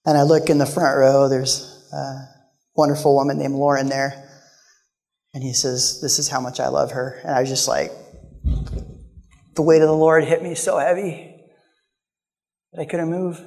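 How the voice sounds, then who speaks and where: Male guest preacher, emotional storyteller, voice sits a touch high, reverb from a big hall. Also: steady tone, unhurried, pauses often. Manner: storytelling, emotional, shifts between loud and hushed. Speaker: guest speaker. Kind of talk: sermon.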